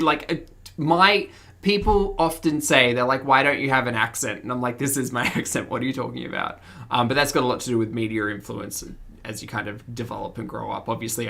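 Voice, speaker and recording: Aussie woman streaming, mild accent, bright voice, chatty, laughs a lot. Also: rumbling low, vocal fry. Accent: mild Australian. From Australia. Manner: chatty, laughs often, reads chat aloud. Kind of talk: casual chat with a livestream audience.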